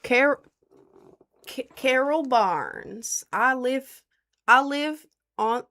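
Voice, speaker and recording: A young woman voicing a boastful Texan rancher man in a put-on Southern accent, halting and drawn out. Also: high-pitched, expressive, a bit bright, pitched above the performer's own voice, exaggerated voice. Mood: mock-proud.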